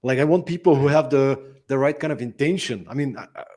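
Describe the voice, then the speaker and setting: A man's voice: medium pitch, brisk, dark tone. A man hosting a podcast interview, enthusiastic, laughing easily and often repeating words as he starts sentences. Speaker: podcast host. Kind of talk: casual interview chat.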